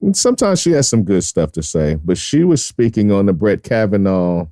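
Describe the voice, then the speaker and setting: A man's voice: lowish voice, very animated, moderate pace, mellow, no room sound, studio quality. A man co-hosting a podcast, chiming in with short, laid-back remarks in casual talk. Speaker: podcast co-host. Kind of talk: casual chat.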